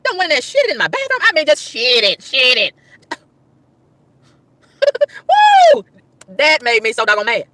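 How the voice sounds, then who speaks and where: Lively, bright-voiced woman ranting. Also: sits high, moderate pace, long pauses. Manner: animated, emphatic, exasperated storytelling with whoops. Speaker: livestreamer reading chat. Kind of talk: casual livestream rant.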